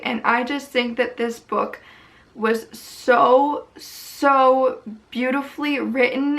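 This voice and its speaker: Young woman gushing about a book on her vlog, kinda high voice, rambles, emotional, casual. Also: fairly bright tone. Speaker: book vlogger.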